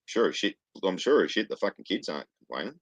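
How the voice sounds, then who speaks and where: An Australian man with a very low voice tells crude, rambling stories and swears in nearly every sentence. The sound is dry and close, with no room behind him. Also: sing-song, fast, husky, dry recording, low-quality recording. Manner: profane, rambling anecdotes, heavy swearing. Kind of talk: crude casual chat.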